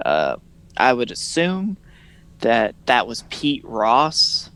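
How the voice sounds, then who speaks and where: A young man chats casually as a podcast co-host, joking his way through the conversation. His pitch swings widely and animatedly, and he drops into mocking impressions of the people he's talking about. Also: huge pitch swings, slow, vocal fry, fairly bright tone, clear, resonant tone. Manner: joking, acts out characters in mocking voices. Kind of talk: casual chat.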